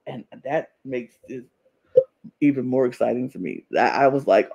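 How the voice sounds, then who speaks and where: A man co-hosting a podcast, excitable and gushing, acting out quotes in casual recap chat. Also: mid-range voice, moderate pace, creaky. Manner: excitable, acts out quotes, gushes. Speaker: podcast co-host. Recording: dull lo-fi sound.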